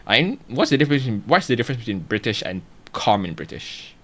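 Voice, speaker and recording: A man's voice: medium pitch, very animated, quick pace. A male streamer giving casual gameplay commentary, talking to himself, humming and joking as he plays. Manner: talks to himself, hums and jokes while playing.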